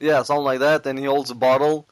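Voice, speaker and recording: A man co-hosting a podcast, chatting casually and halting as he searches for words. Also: mid-range voice, flat delivery, clean tone, dry recording. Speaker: podcast co-host. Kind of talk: casual comedic chat.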